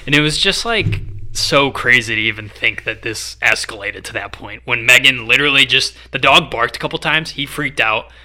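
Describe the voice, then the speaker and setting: A man's voice: mid-range voice, normal speed, sharp tone. A young man in his twenties, a podcast co-host telling a story in a casual, rambling way with many fillers. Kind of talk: casual chat.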